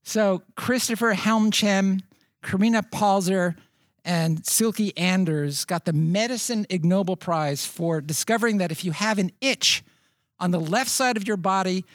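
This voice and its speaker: A man's voice: high voice, unhurried, dry recording, clean studio sound. A man co-hosting a podcast recorded live in front of an audience, telling stories with enthusiasm and laughing now and then. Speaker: podcast co-host. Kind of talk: casual live podcast chat.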